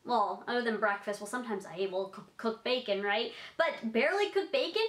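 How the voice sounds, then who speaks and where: Bright, bubbly young woman vlogger. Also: a little high, animated, brisk, roomy sound. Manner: bubbly, rambling, lots of "like". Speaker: YouTuber answering fan questions. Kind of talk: casual Q&A vlog.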